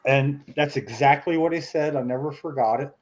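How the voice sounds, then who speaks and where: A middle-aged man spins a long, meandering story. He is full of "uh"s and restarts and gets animated in the telling. His pitch sits in an ordinary middle range. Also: normal speed, rough recording. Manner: rambling, animated storyteller with many fillers. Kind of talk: casual storytelling chat.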